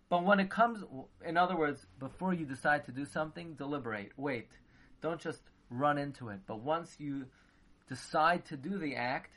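The rabbi's voice is high and a bit bright as he teaches Torah in lecture form. His talk is dense with Hebrew and Yiddish expressions, and he voices the dialogue himself.

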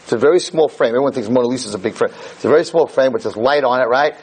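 A man giving a Jewish lecture, telling a story in an animated, digressive way. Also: medium pitch, racing, slightly rough, poor audio.

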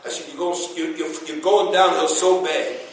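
A rabbi giving a Torah class to a room of listeners, telling stories with quoted dialogue and sprinkling in Yiddish words. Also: male voice, a little high, steady tone, moderate pace, a little hiss or hum. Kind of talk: Torah class before a live audience. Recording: echoey room from a distance.

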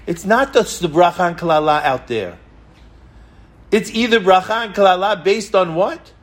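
A man giving a sermon as a rabbi. He speaks emphatically, tells stories, repeats his points and asks rhetorical questions. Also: sits high. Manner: storytelling.

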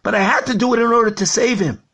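A man's voice: high voice, animated, a little slow, vocal fry, husky, heavily acted. A rabbi voicing a stern father in a parable who scolds and pleads urgently. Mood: scolding. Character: stern grown father defending a painful act.

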